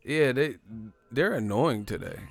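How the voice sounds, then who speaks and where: A man's voice: mid-range voice, animated, a little slow, gravelly, soft background music. A man hosting a livestream, ranting in a brash, profane, casual way and laughing often. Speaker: livestream host.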